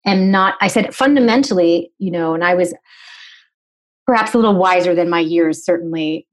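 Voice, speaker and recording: A woman in her forties from New England, a nutritionist telling her story as a podcast guest, articulate and animated, acting out the dialogue. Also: on the low side, normal speed, poor audio. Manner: articulate, explanatory. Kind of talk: conversational storytelling interview.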